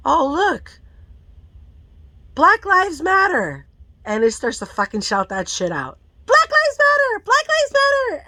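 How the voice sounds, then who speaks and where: A woman's voice: on the low side, no room sound. A mother telling a frank personal storytime, emotional and full of swearing, tearful at times. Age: adult parent of a school-age child. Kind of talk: candid storytime vlog.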